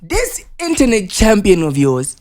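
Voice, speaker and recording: A man's voice: sits high, wildly swooping pitch, measured pace, darkish tone. A man co-hosting a casual wrestling podcast, insistently cross-examining and talking over his partner. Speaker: podcast co-host.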